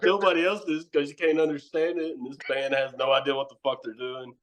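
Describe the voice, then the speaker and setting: A man's voice: medium pitch, flat delivery, quick pace, fairly bright tone. A man talking as a podcast guest, telling rambling, profane stories and laughing often as he goes. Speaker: guest, wrestler and horror host. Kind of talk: casual podcast chat.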